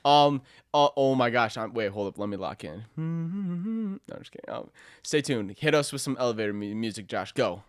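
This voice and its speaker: A man's voice: mid-range voice, sing-song, normal speed, no room sound. Young male podcast host, laid-back rambler, dry close sound. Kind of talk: casual chat.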